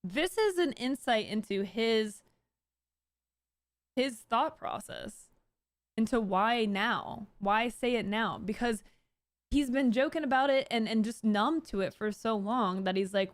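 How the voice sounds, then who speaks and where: A woman's voice: on the high side, no room sound. A woman streamer in casual livestream commentary, reading tweets aloud and picking them apart while talking to her chat. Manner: talks to chat, quick and animated.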